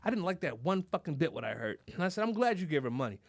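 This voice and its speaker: Philly guy hosting a podcast, high swooping voice, cursing and cracking jokes, dry close sound. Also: fast, no room sound. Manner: animated, rambling, profane, laughs a lot. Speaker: podcast host. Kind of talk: casual comedic chat.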